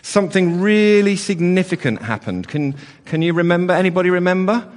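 A man's voice: sits high, lively intonation, a little fast. A man leading an all-age church service, chatty and playful with the children, with lots of fillers and restarts. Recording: long church reverb.

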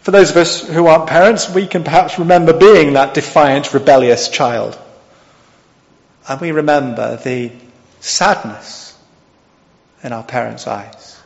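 A man's voice: on the high side, measured pace, vocal fry, long pauses. A male preacher giving an expository sermon, often asking the congregation questions. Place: church hall. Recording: dull sound with long hall reverb.

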